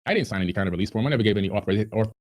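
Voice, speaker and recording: A man's voice: on the low side, lively intonation, very fast. A man on a podcast, ranting in a heated, indignant way. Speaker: podcast guest. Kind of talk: agitated podcast rant.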